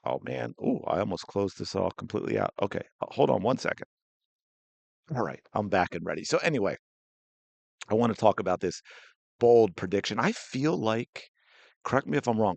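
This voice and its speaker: A man's voice: low voice, creaky, darkish tone, no echo. A man hosting a sports podcast in a chatty, casual way, breaking off into playful asides. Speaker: podcast host.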